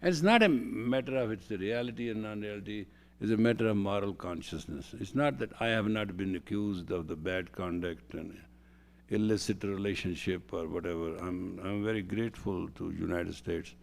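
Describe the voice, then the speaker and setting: A man's voice: fairly low pitch, moderate pace, creaky. A man lecturing as a spiritual teacher, emphatic and repeating phrases for stress.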